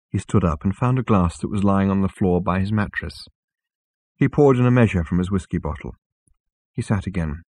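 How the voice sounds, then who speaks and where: Low husky male storyteller. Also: no room sound. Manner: calm, measured storytelling. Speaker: audiobook reader. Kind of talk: scripted narration.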